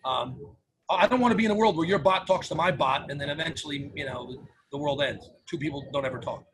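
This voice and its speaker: A man speaking as a guest in a casual interview, energetic and quick to restart his sentences as he acts out calls with clients. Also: on the high side, husky, poor audio. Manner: energetic, restarts often, acts out caller dialogue. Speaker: podcast guest, phone number company founder.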